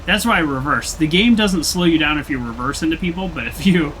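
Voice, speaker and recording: A man's voice: on the high side, animated, a little fast, fairly bright tone, a little hiss or hum, poor audio. A young man streaming a video game, chatting casually and joking with mock indignation. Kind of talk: casual gameplay commentary.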